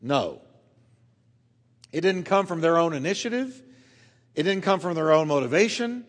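Emphatic high-voiced male preacher in a hall. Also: expressive, normal speed. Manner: emphatic, swings from quiet to loud, stretches key words. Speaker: pastor. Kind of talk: sermon.

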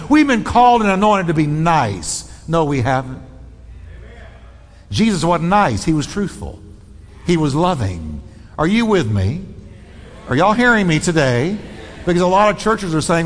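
A high-pitched man preaches a bold, emphatic sermon. He presses his points hard and speeds up and slows down from line to line. His voice rings out with the long reverb of a large church hall. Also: very animated. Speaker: pastor.

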